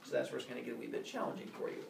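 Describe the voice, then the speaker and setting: A male teacher explaining classroom rules in a playful, joking way, now and then shouting mock corrections. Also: medium pitch, level tone, rapid-fire, gravelly, echoey room, far from the mic, a crowd in the background. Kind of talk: classroom instructions. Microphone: phone recording from across the room.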